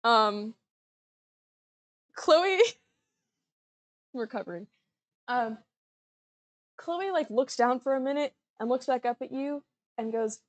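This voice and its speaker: A woman's voice: on the high side, slow pace, long pauses, no echo. A woman narrating her character in a casual tabletop role-play, giggly and rambling. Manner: giggly, rambling, many fillers.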